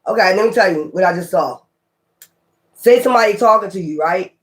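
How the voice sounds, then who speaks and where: A man giving a casual tarot reading to his viewers, blunt and profane, talking in an animated way. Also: sits high, normal speed, pauses often. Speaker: tarot reader.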